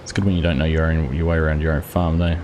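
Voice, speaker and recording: A man's voice: very deep voice, little pitch movement, fast talker, background noise. A man hosting a live farming game stream, chatting casually and greeting viewers by name while he plays. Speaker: livestream host. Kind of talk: casual gameplay commentary.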